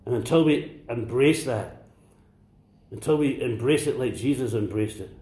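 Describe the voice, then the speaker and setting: A man preaching a sermon to a congregation, swinging between impassioned near-shouts and hushed whispers. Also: mid-range voice, animated, normal speed, reverberant. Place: church.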